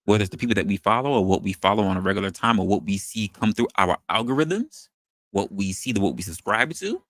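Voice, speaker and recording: A man hosting an opinion show, talking in an animated, rhetorical way and posing questions to his audience. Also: fairly low pitch, fast, dry recording, clean studio sound. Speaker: podcast host. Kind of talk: opinion commentary monologue.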